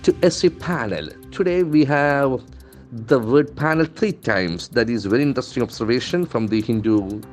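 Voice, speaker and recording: A man's voice: medium pitch, lively intonation, faint music behind. Man drilling English pronunciation. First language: not English. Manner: repeats words slowly, stresses syllables; stock phrases "okay, see", "very interesting". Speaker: English trainer.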